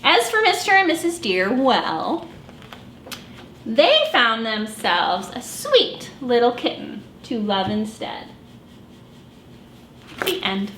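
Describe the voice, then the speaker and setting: A woman children's librarian reading a picture book aloud at storytime in an animated, expressive way. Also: on the high side, takes it slowly, pauses often. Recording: echoey room with faint noise.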